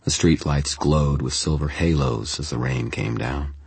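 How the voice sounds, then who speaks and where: A man narrates a first-person story in a measured, deadpan way. His voice sits extremely low with a husky, breathy grain. It is recorded close and completely dry. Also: no echo. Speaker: audiobook narrator.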